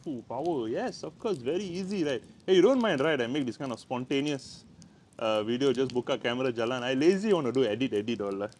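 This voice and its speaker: A man's voice: medium pitch, animated, fast, darkish tone. Man, Malaysian English accent, playful casual teacher; spontaneous handheld-camera feel by a house door. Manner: chatty, playful, repeats words. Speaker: language teacher. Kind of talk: casual outdoor language lesson. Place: by the door of a house, outside in the rain.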